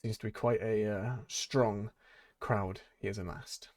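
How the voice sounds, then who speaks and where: A man narrating as game master of a tabletop role-play, talking slowly with many fillers and pauses. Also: on the low side, steady tone, darkish tone.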